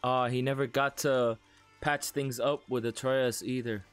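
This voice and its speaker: A man's voice: medium pitch, steady tone, a little slow, smooth, soft background music. A man hosting a gaming channel, casually narrating a game walkthrough in a chatty, upbeat way.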